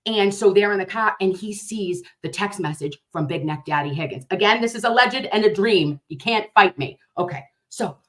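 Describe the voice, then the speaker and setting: A woman hosts a casual livestream, talking straight to her viewers. Her storytelling is rambling, animated and full of swearing. She sounds loose and unscripted. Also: medium pitch, moderate pace, few pauses. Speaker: livestream host.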